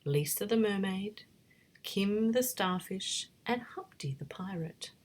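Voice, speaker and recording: A woman reading a bedtime story in a soft, breathy whisper. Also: medium pitch, lively intonation, slow pace.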